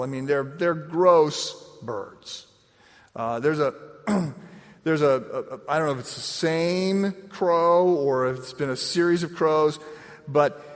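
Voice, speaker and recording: A middle-aged man preaching a sermon, telling stories with lively, animated swings in his voice. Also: medium pitch. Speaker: pastor. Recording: long reverb of a large hall.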